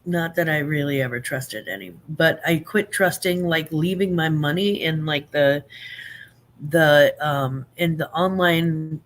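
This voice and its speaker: A woman's voice: sits low, unhurried, slight background noise. Rambling woman hosting a casual live chat. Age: 50s. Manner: rambling, with many fillers and restarts; laughs often between remarks. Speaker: live stream host.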